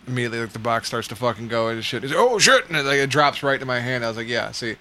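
A man with a bright, ringing voice chats casually as a podcast co-host. He tells his stories in a profane, animated way, peppered with laughs. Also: mid-range voice, very fast, a little hiss or hum. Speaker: podcast co-host, pizza delivery driver.

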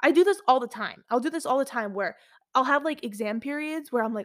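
A young woman in her early twenties hosts a solo podcast, her voice sitting a little higher than most. She talks in a candid, chatty way, full of fillers and restarts. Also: fairly quick. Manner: candid, chatty, animated storytelling with many fillers. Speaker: podcast host.

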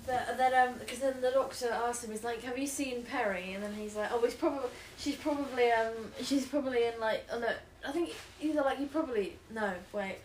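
A woman's voice: fairly high pitch, fairly quick, few pauses, darkish tone. Hesitant woman on a distant, roomy mic. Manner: hesitant, searching for details. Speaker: podcast co-host. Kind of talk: casual recap chat. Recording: roomy, distant mic with faint background hum.

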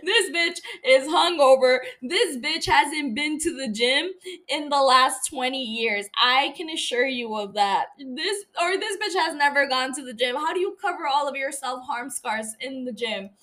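A woman's voice: high-pitched, animated, a little slow, pushed and bright. A young woman hosting a podcast, chatting casually about a TV show. She rambles, laughs often and swears freely. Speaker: podcast host. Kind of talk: casual TV recap chat.

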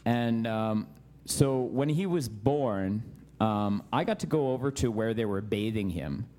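A man in casual conversation about faith, telling animated stories and laughing often. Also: lowish voice, measured pace.

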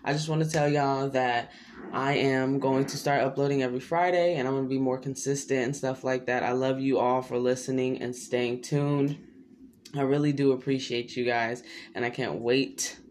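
A man's voice: flat delivery, moderate pace, a little hiss or hum. A young man hosting his own podcast, chatting loosely and rambling in slangy casual talk. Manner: rambling, loose and slangy, with sudden pitch jumps. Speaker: podcast host. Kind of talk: casual solo podcast chat.

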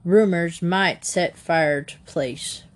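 A woman's voice: lowish voice, takes it slowly. A woman voicing a blunt, heavyset male house buyer who talks in clipped, grunting phrases.

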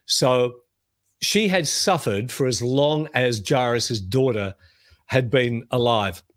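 A middle-aged man teaching the Bible on a podcast, telling the stories in a lively way and reading scripture aloud. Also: mid-range voice, slow, no echo.

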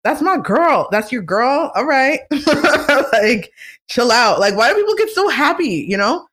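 Animated, outspoken celebrity-news vlogger. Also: unhurried. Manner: animated, swears freely, mimics others in high voices. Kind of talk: casual commentary on celebrity news.

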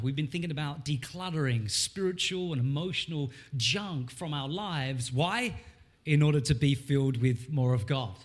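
A male pastor preaching a sermon in a church, animated and rising in emphasis when he reads scripture. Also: on the high side.

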